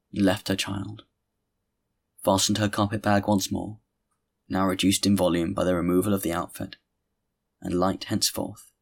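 A man narrating a classic novel as an audiobook reader, reading in a measured, deliberate way. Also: sits low, creaky.

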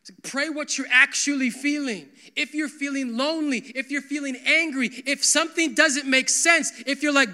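A young man preaching as pastor, with a bright voice that sits high for a man. He keeps his sermon loose and conversational, full of "like" and quick asides to the church. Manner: conversational, animated, full of "like" fillers.

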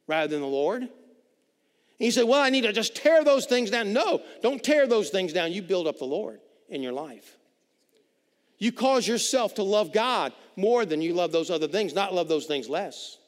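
A man preaching a sermon as pastor, swinging between loud emphatic lines and hushed quiet ones. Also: fairly high pitch. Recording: reverberant hall.

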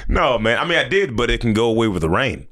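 A man's voice: mid-range voice, big pitch swings, fast, a bit bright. A man, a stand-up comedian, chatting loosely as a guest and rambling through stories with laughs. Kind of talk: casual podcast chat.

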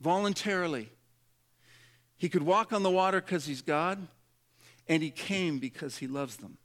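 Animated preacher man, slightly high voice. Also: normal speed. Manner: dramatic, acts out quoted prayers in a lowered voice. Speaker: pastor. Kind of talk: sermon.

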